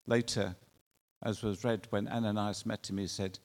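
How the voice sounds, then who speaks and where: A male preacher delivering a sermon in an earnest way, with drawn-out emphatic phrasing and rhetorical questions. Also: lowish voice, steady tone, darkish tone. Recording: long reverb of a large hall.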